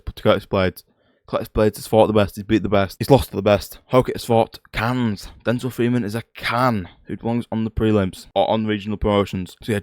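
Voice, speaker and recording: A young man giving casual fight predictions on his own vlog, excitable and blunt, swearing freely and firing off rhetorical questions. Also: fairly low pitch, dry recording, clean studio sound. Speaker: MMA prediction YouTuber.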